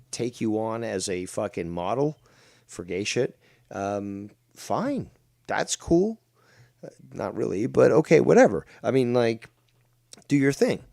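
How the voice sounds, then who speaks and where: A man's voice: fairly low pitch, a little mellow, no echo. A man commenting on online drama during a livestream, mocking, sarcastic and full of profanity.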